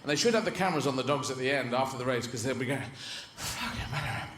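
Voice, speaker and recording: A man's voice: mid-range voice, racing, fairly bright tone. A man performing a rambling, whimsical stand-up comedy routine. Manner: rambling and whimsical, slipping into voices. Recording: echoey venue with ambient noise.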